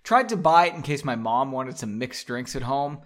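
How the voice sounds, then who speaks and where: A man's voice: mid-range voice, animated, moderate pace, a bit bright. A man casually reading his own book aloud, mocking his writing and swearing freely.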